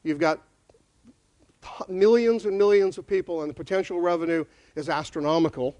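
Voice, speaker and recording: A man giving a conversational conference talk on leadership to a live audience, energetic and full of questions. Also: on the high side, normal speed. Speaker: speaker on leadership.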